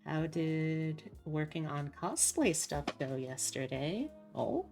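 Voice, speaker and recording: Woman streamer host, very low voice, gravelly, calm game-text reading, faint music. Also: slow. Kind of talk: reading game text aloud and casual chat.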